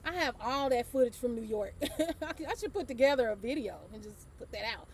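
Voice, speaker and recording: High-voiced woman telling laughing stories. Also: expressive, a little fast, slight background noise. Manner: laughs often, swears casually, Southern US speech. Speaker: host. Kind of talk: casual storytelling monologue.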